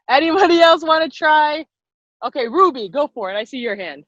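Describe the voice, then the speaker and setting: A woman leading an online public speaking workshop on a video call, lively and quick-talking, encouraging the participants. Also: sits high, no echo. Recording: dull lo-fi video call audio.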